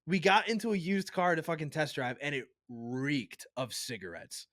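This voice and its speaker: A man co-hosting a podcast, telling a story in a casual, animated, profane way and acting out other people's lines. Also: a little high, moderate pace, no room sound, clean studio sound. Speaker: podcast co-host.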